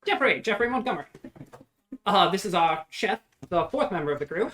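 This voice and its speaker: A woman's voice: mid-range voice, expressive, a little fast, fairly bright tone, lightly acted. A woman voicing a polite young ship's officer who asks the crew questions in an inquisitive way.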